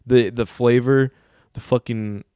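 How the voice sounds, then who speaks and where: A young man hosting a casual chat, telling stories in an animated, profane, slang-heavy way. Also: mid-range voice, measured pace, smooth, no echo. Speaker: host.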